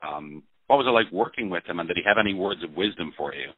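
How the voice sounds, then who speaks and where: A man's voice: low-pitched, lively intonation, fast, breathy edge, no echo. A man interviewing an actor, asking prepared questions and giving short acknowledgements. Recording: dry tinny phone-line audio.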